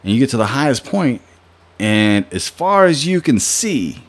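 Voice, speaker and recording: A man's voice: mid-range voice, sing-song, a little slow, voice pushed up. A man quoting a young buddy who explains something matter-of-factly. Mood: explaining. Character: easygoing young man from the hills, matter-of-fact.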